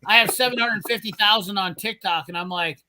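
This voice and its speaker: Bright-voiced man telling a rambling story. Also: high voice, fairly quick. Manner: rambling storyteller, acts out quotes, laughs often. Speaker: podcast host. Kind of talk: casual garage chat livestream.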